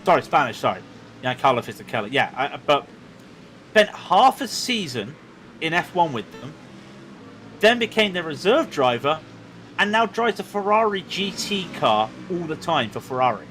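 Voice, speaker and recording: A man commentating on a sim racing stream, chatty and excitable with quick asides. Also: fairly high pitch, slight background noise. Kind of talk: live race commentary chat.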